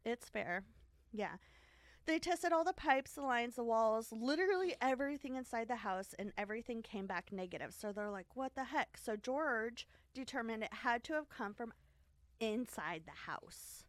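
A woman chats her way through a history story, giggling often and stumbling over fillers and restarts. Her voice sits a touch high. The sound is dry and close, with no room around it. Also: animated, moderate pace, dry recording. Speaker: podcast co-host telling a history story. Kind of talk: casual storytelling chat.

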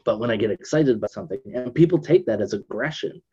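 Subdued, reflective man with a mellow voice. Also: medium pitch, fast, breathy edge, muffled recording. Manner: reflective, thinks aloud with restarts; subdued, gets emphatic when excited. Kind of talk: casual conversation.

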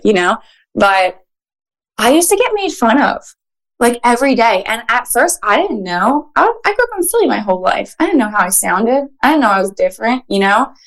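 A woman with a Philadelphia accent, a guest on a podcast, telling stories in an animated, casual way with lots of "like.". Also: mid-range voice, normal speed. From Philadelphia, USA. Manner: animated storyteller, frequent "like".

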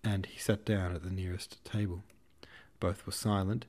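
A man reads a classic novel aloud at a steady, measured pace. His voice is low and mellow, with a relaxed, dark tone. The delivery is plain, unhurried storytelling. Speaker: audiobook narrator. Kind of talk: novel reading.

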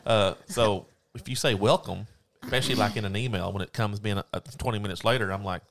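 A man's voice: lowish voice, fast, fairly bright tone. Curious man asking questions. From American South. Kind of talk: casual chat.

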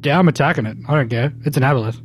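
A man's voice: medium pitch, racing, soft background music. A man playing a tabletop game, insistent as he argues the rules with the game master. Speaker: player.

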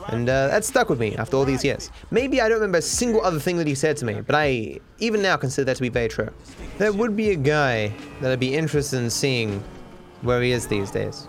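A man's voice: medium pitch, lively intonation, fast talker, faint music behind. Candid young man rambling. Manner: candid, self-deprecating, swears freely. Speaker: streamer. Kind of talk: casual rambling monologue.

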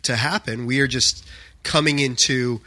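A man's voice: medium pitch, steady tone, moderate pace, bright, forceful tone, no echo. A man from the United States talking earnestly in a casual chat, with lots of "you know" fillers. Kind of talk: casual chat about faith and books.

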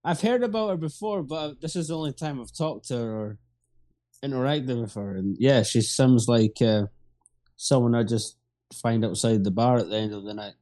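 A man's voice: medium pitch, moderate pace, warm tone. A man co-hosting a podcast in casual chat, full of crude, mocking banter.

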